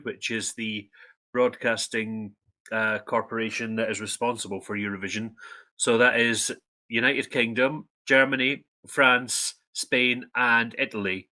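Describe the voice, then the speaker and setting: Bright-voiced Scottish man explaining. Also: medium pitch, measured pace. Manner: relaxed, knowledgeable explaining. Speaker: resident expert guest. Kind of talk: casual chat.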